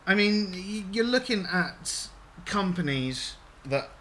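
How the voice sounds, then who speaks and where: Bright-voiced chatty man. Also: high-pitched, expressive, slow pace, a little hiss or hum. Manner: rambling and chatty, with frequent restarts and swearing. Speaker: radio show host. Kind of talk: casual radio chat.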